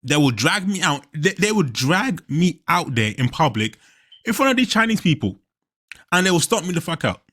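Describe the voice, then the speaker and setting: Young male reaction host, brash swearing delivery, bright voice, lively pitch. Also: normal speed. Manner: animated, profane, laughs often. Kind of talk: casual reaction commentary.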